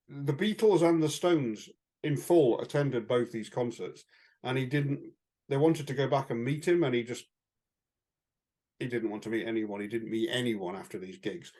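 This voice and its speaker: On a podcast, a male co-host tells anecdotes chattily and casually, filling gaps with fillers and chuckles. His voice is medium-pitched and a little mellow.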